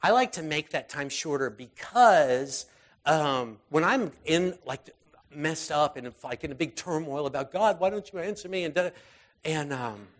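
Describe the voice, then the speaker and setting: In an unhurried, expressive delivery with a fairly high pitch, a man gives a casual sermon. He uses lots of fillers and restarts, alternating between heightened intensity and soft, quiet moments.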